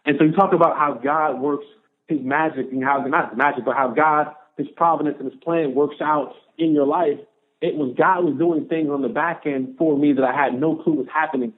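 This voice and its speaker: A man in his thirties, a guest on a podcast, telling a personal story in an animated way and acting out the voices of the people in it. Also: fairly high pitch, normal speed. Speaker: podcast guest, former pro football player. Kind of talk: storytelling in an interview. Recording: narrow phone-like sound.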